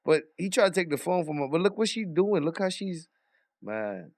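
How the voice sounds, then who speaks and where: A man's voice: fairly high pitch, lively intonation, normal speed, darkish tone, no room sound, clean studio sound. A man streaming reaction commentary on trial footage, making incredulous remarks in casual slang. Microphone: dynamic desk mic.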